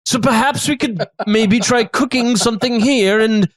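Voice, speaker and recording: Man doing a chef character, pompous, sing-song, high voice, improv comedy. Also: moderate pace. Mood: eager. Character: eager, pompous middle-aged male chef host. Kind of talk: improv comedy role-play.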